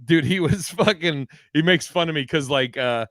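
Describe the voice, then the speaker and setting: Male co-host, bright forward tone, loose and joking, reads comments aloud, dry close mic. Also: a little high, moderate pace, no echo. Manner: loose, laughs often, swears casually. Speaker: podcast co-host reading listener comments. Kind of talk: casual chat.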